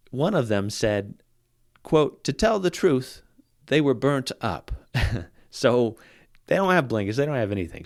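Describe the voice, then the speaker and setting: A man's voice: on the low side, dry recording, clean studio sound. A man hosting a podcast, casually telling a historical crime story and reading old newspaper quotes with relish. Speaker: podcast host.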